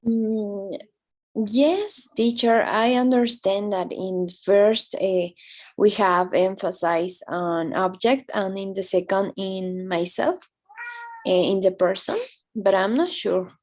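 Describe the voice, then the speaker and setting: A woman student answering her teacher hesitantly, with pauses and "eh" fillers, over a video call. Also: medium pitch, a little mellow.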